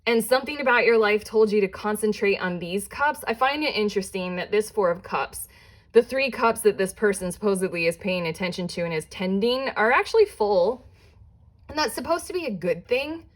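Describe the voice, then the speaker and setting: A woman's voice: mid-range voice, lively intonation. A woman giving a casual pick-a-card tarot reading, talking in a loose, rambling way full of "like" fillers and restarts. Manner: chatty and rambling, with many "like" fillers and self-interruptions; breaks into quick giggles and playful put-on voices. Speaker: tarot reader.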